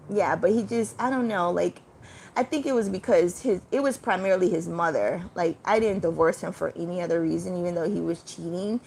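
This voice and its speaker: A young woman chats casually to her viewers on a livestream, rambling from one thought to the next at a middle pitch. A faint hum of background sound sits under her voice. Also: gravelly, a little mellow. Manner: chatty, rambling, greets viewers by name with sudden high exclamations. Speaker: livestream host.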